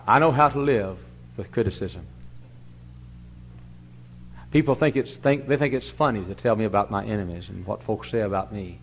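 An older male pastor preaching a sermon in a fairly low voice. He tells stories and swings from booming emphasis to quiet asides. The recording is dull and lo-fi, with a faint hum underneath. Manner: storytelling, animated swings from loud to hushed. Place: church sanctuary.

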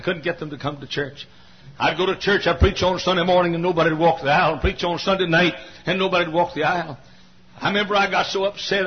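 An older pastor preaches with fervor, his high voice climbing as the story builds. The sermon recording sounds dull and lo-fi. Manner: fervent storytelling preacher, rising to cries.

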